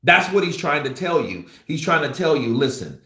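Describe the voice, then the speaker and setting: A man's voice: a little high, expressive, normal speed, pushed and bright. Guy riffing on boxing news, lots of um and you know, blunt, echoey room. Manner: rambling, filler-heavy, blunt. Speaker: boxing commentator. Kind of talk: casual commentary. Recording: roomy echo.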